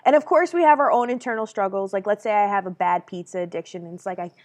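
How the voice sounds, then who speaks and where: Animated, rambling woman streamer. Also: mid-range voice, quick pace. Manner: animated, rambling, swears freely, laughs often. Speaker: streamer co-host. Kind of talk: casual stream chat.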